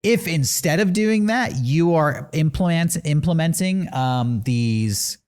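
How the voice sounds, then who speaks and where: Opinionated man in his thirties, lively pitch. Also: slow pace, clean tone. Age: 30s. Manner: opinionated, rambling with restarts. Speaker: podcast co-host. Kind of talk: casual news chat.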